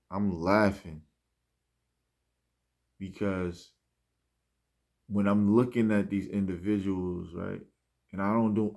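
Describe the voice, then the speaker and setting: A man speaking in a rambling, reflective monologue, often restarting and trailing off softly. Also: sits low. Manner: rambling, many fillers and restarts; soft-spoken, trailing off. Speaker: musician speaking about his mindset.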